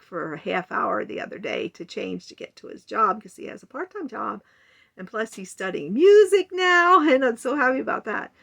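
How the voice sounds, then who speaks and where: An older woman in her sixties speaks to the camera in a personal vlog, earnest and a little rambling. Her voice has a gravelly, fry-edged texture. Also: mid-range voice, fairly bright tone. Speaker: vlogger. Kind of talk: personal confessional monologue.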